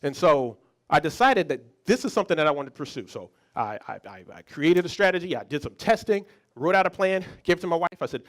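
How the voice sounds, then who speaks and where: A man who is a psychologist, giving a motivational talk as a lively story, often restarting and repeating words. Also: fairly high pitch, fast. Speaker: psychologist and speaker.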